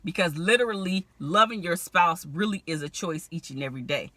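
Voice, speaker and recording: Woman relationship coach vlogging, real bright voice, super dry close sound, talks candid and lively, laughs a lot. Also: lowish voice, brisk, dry recording. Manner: candid, animated, laughs often. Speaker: relationship strategist. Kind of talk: direct-to-camera advice vlog.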